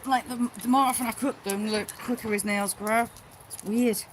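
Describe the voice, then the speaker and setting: A woman's voice: on the high side, steady tone, normal speed, slight background noise, low-quality recording. A woman chatting casually on a live stream, reading viewer comments and talking bluntly to her dogs at home.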